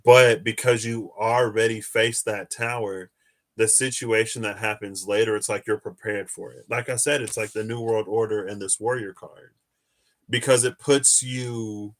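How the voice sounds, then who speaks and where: A man's voice: on the low side, fairly even intonation, a little slow. A man hosting a live tarot stream, chatting casually and answering viewers' questions as he wanders through his thoughts.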